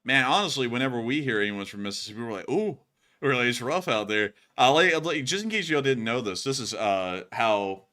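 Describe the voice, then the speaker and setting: Young Southern man, livestream host, bright voice, middle pitch, animated delivery. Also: a little fast, hardly any pauses. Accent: Southern American. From Alabama. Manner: animated, mocks voices with loud pitch jumps. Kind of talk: casual livestream chat.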